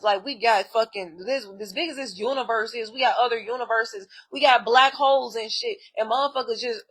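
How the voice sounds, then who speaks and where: Woman, bright sharp tone, profane, exasperated, blunt vlog rant. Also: on the high side, normal speed, few pauses. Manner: blunt, heavy swearing, animated and exasperated. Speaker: spiritual vlogger. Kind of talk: profane ranting monologue.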